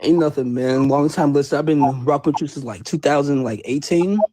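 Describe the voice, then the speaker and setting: Male caller, from massachusetts, hesitant, slightly high voice. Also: a little fast, dark tone. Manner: hesitant, many fillers and restarts. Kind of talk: phone-in call.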